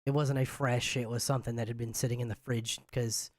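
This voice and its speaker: A man on a podcast chatting casually, halting and restarting often. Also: medium pitch, level tone, no room sound, clean studio sound. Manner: hesitant, many restarts and fillers. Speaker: podcast co-host. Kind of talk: casual chat.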